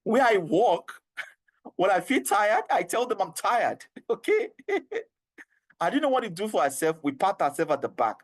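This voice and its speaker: A man's voice: high-pitched, sing-song, unhurried. Earnest Nigerian man leading an HR training. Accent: Nigerian English. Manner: earnest, repetitive and coaxing, with frequent laughs. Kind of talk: online training session.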